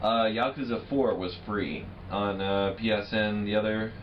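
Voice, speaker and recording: A man's voice: fairly low pitch, fairly even intonation, measured pace, far from the mic, muffled recording, a little hiss or hum. A young man co-hosting a podcast in casual chat, rambling with many fillers. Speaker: podcast co-host.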